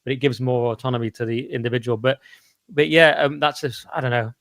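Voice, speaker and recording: A man's voice: mid-range voice, steady tone, fairly quick, a bit bright, no echo, studio quality. A tired young man hosting a casual live stream, jokey and self-deprecating. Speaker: livestream host.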